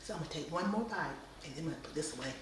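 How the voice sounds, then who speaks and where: Cast: woman, cooking host, lowish voice, humming and half whispering, recorded off-mic in a booming room. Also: animated, racing, distant mic, noisy background. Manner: drifts into whispering, savoring hums. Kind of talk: casual cooking demo, tasting on camera. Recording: echoey room, voice away from mic.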